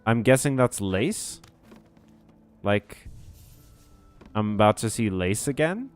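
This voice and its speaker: A man's voice: on the low side, big pitch swings, takes it slowly, faint music behind. A man giving casual, profane, joking commentary while playing a game. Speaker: game streamer. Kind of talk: let's play commentary.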